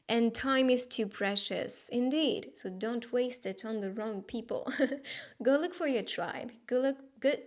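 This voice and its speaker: A woman with a slightly high voice reads tarot cards in a casual, chatty way. She talks gently, laughs often, and sometimes drops into soft whispered asides. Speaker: tarot reader. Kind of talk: casual tarot reading monologue.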